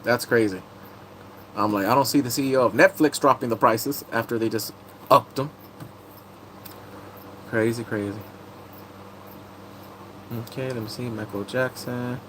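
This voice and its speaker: A man's voice: mid-range voice, unhurried, long pauses, a bit bright, slight background noise, poor audio. A man chatting casually on a live stream, muttering asides to himself as he reads entertainment and gaming news aloud.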